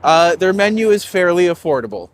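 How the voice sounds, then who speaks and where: A man's voice: high voice, big pitch swings, fairly quick, a little hiss or hum. A man from Canada, a tour guide, chatting and joking while walking uphill outdoors. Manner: joking and chatty, laughs often. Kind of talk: casual chat while walking.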